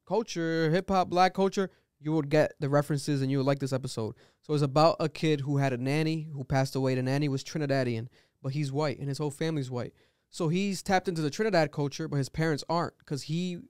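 A man's voice: fairly high pitch, darkish tone, smooth, no room sound, clean studio sound. A young man hosting a podcast in casual chat, telling stories animatedly with slang and swearing. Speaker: podcast host.

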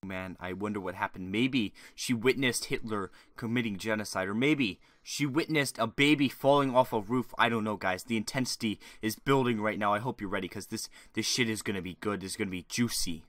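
A man riffs mockingly over a video, his voice bright and forceful with a dry, close sound. He talks in crude, rambling asides like a sarcastic reaction commentator. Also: fairly low pitch, a little fast, few pauses, no echo. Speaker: YouTube commentator.

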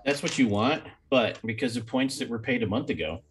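A man running a tabletop role-playing game as game master, giving brisk, amused directions. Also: mid-range voice, slightly rough.

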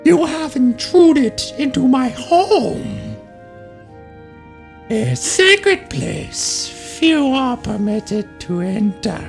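A woman's voice: high-pitched, big pitch swings, extremely slow, vocal fry, soft background music, pitched above the performer's own voice, heavily acted. A woman voicing a prim, proud female water dragon in a game playthrough, speaking in a haughty, formal way. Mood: imperious. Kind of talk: let's play voice-over.

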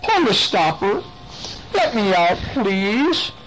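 A man putting on a sly bottle spirit's high pleading voice. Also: sing-song, takes it slowly, music in the background, heavily acted, poor audio. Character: tricky spirit in a bottle, posing as a child.

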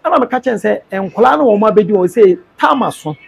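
A man being interviewed, earnestly telling a personal story in a measured way. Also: high-pitched, lively intonation, vocal fry, slightly rough.

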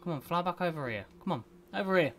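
A man's voice: a little high, expressive, fast talker, a bit bright, slight background noise. A man hosting a gaming channel, chatting casually and playfully grumbling as he plays. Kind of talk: casual let's play commentary.

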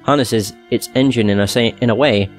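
A man's voice: medium pitch, brisk, faint music behind, natural voice. A man voicing a stern, headstrong young woman inventor, reading her lines in a plain, unvoiced reading tone in a fantasy video game. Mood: subdued.

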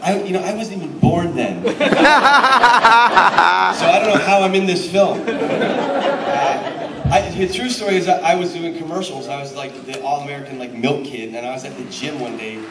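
Panel storyteller, man, animated and chuckling, distant and roomy, audience around. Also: fairly high pitch, moderate pace. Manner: animated, laughing anecdotes. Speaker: actor telling a panel story. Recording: echoey hall, distant mic, crowd. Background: crowd.

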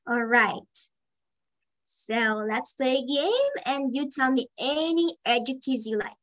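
A woman teaching an online lesson to children, slowly praising and encouraging their answers. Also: sits high, a bit bright, low-quality recording. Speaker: English teacher for kids. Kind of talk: online kids' English lesson.

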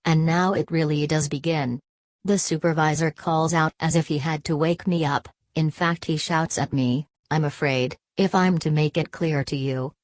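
A woman reading the lines of an anxious, insistent male clerk in an audiobook, earnest and persuasive, in a low voice. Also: a little mellow, no echo. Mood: explaining.

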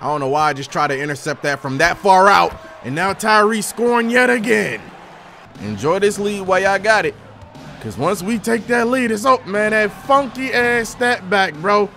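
A young man giving loud, excitable gameplay commentary, trash-talking and shouting at the game, his voice wearing out. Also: sits high, normal speed, soft background music. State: losing his voice. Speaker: gaming YouTuber.

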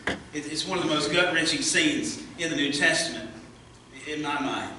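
A man preaching a sermon as pastor, earnest, rising as he reads scripture and hushed in prayer, recorded in a church sanctuary. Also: on the high side, moderate pace, recorded from a distance, slight background noise. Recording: echoey church from afar.

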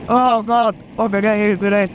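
A man chatting excitedly to a helmet camera while riding a motorbike, laughing often. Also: fairly high pitch, normal speed, lo-fi sound, a little hiss or hum. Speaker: motorcycle vlogger. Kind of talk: casual chat while riding. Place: on a motorbike on open country roads. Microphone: helmet-mounted action camera.

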